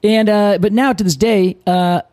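Chatty guy cohosting a podcast, mellow voice, dry close sound, laughs a lot. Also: sits high, fairly even intonation, normal speed, no room sound. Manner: chatty, laughs often, explains at length. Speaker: podcast co-host. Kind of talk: casual chat.

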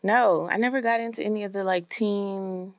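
Dry, gravelly-voiced woman guest. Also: medium pitch, steady tone, normal speed, no echo. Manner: dry, understated replies. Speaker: guest TV writer. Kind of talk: casual chat. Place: studio.

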